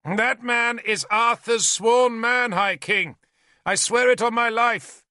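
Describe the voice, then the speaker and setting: A man voicing a sly, traitorous guard commander making a slow, sneering accusation in an audiobook. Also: very high-pitched, pushed and bright, clear, resonant tone, dry recording, clean studio sound, pitched above the performer's own voice, heavily acted. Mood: accusing.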